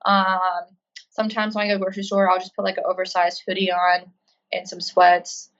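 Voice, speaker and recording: A woman's voice: medium pitch, monotone, a little fast, fairly bright tone. Chatty woman on a dull remote line. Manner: chatty, lots of ums and likes. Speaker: guest, Marine and CrossFit coach. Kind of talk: casual interview answers. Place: living in Australia.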